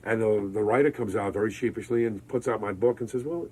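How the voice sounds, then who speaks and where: A man, telling lively stories as a guest in an interview. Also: on the low side, quick pace, slightly rough, rough recording. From Brooklyn, New York. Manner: energetic, exuberant storyteller. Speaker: radio disc jockey, guest. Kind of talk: interview conversation.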